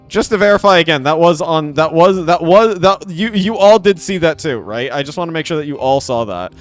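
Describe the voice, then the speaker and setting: A man's voice: fairly high pitch, expressive, moderate pace, few pauses, soft background music. A man giving casual live gameplay commentary, playful and rambling, repeating phrases and talking to his chat. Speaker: game streamer.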